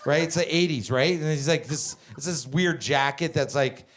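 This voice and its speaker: A male stand-up comedian on a club stage, telling stories with lots of swearing and a lively, animated delivery. His voice sits a little higher than most men's, and he breaks off now and then to talk with the crowd. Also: moderate pace. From Canada. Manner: profane, animated storytelling with crowd work.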